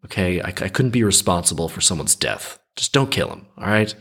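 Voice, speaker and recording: A man's voice: low-pitched, lively intonation, fairly quick, sharp tone, slightly rough, exaggerated voice. A man voicing an anxious, weary male bird-sanctuary worker who talks in an exasperated way. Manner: exasperated, nervous.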